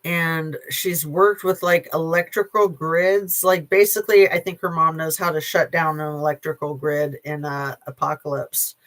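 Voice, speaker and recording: With a steady, slightly bright tone at medium pitch, this channel host delivers blunt, sarcastic opinions in a casual, rambling way, dotted with filler pauses and casual swearing.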